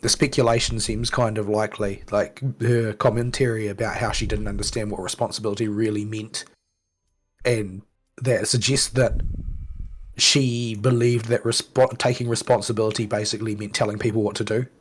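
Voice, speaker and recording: A man's voice: fairly low pitch, level tone, moderate pace, breathy edge, poor audio. A man co-hosting a casual video game podcast, talking through story themes in an earnest, analytical way and often restarting his phrases. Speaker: co-host. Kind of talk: casual gaming podcast chat.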